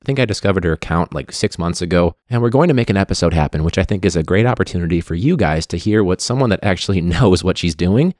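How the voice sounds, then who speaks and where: A man with a Chicago accent hosting a casual interview podcast, relaxed and rambling, laughing at himself now and then. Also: low voice, fast talker, few pauses, no echo, clean studio sound. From United States. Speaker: podcast host.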